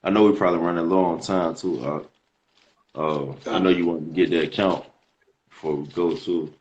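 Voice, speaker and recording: A man's voice: low voice, fairly even intonation, normal speed, a little mellow, dull audio. A man teaching scripture in a casual, slangy way, reading verses aloud and repeating words as he explains them. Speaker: preacher.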